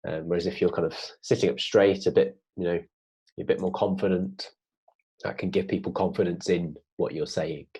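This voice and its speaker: A man co-presenting a children's writing lesson in a relaxed, encouraging way, with hesitations. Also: deep voice, moderate pace, husky. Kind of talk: classroom lesson video.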